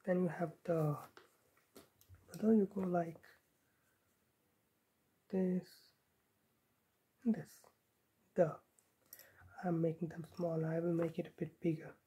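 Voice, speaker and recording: A woman's voice: fairly low pitch, level tone, slow, pauses often, dark tone. A woman from Himachal Pradesh casually teaching a handwriting script at home, counting the strokes aloud as she writes. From Himachal Pradesh, India. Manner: talks while writing, counting strokes aloud. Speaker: script tutor.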